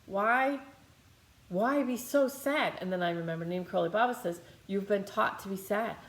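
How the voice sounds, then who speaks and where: Speaking at a moderate pace, this woman's mid-range voice carries a roomy sound as she guides a healing meditation. She's a meditation teacher whose channeling-style talk wanders conversationally, full of fillers and restarts.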